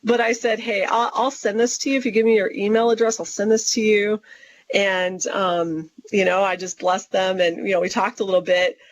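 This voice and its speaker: Speaking at a normal speed in a medium-pitched voice, this woman appears as a guest author on an interview show. She animatedly recounts a story, voicing herself and other people with energy, on a dry, dull lo-fi recording.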